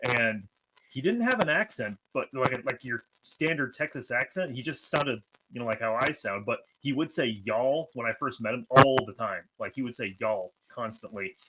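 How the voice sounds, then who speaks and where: A man's voice: medium pitch, lively intonation, moderate pace, noisy background. A man telling a reflective story in casual chat, with plenty of fillers.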